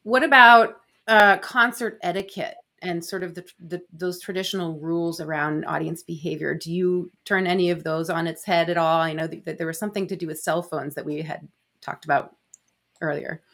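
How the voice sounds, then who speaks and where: A woman interviewer with a fairly low voice asks careful, hedged questions. She adds gentle backchannel responses as she listens. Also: steady tone, moderate pace. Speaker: interviewer, host. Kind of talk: conversational interview.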